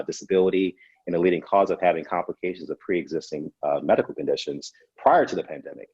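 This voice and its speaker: Man, 30s, psychiatrist; emphatic, repeats advice, rapid delivery, husky voice. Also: deep voice, a little mellow, dry recording, highs cut off. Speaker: psychiatrist and professor. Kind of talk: panel discussion.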